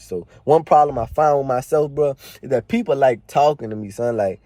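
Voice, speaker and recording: A man's voice: mid-range voice, animated, normal speed, mellow, no room sound. A man telling a rambling, slangy story from a party in a casual storytime monologue. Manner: slangy, rambling, fillers and restarts.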